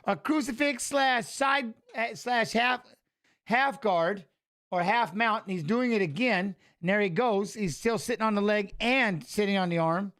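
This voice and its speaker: A man with a fairly high voice hosts a fight watch-along. He mixes casual call-outs of the action with blunt, profane stories from his own life. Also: measured pace, a bit bright. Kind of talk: casual live fight commentary and storytelling.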